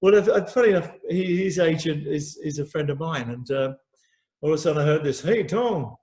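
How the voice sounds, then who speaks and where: Singer guest, middle-aged man, chatty and self-mocking, voice sits a touch high. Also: fairly even intonation, a little fast, darkish tone. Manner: chatty, self-mocking, repeats words, laughs easily. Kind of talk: casual chat.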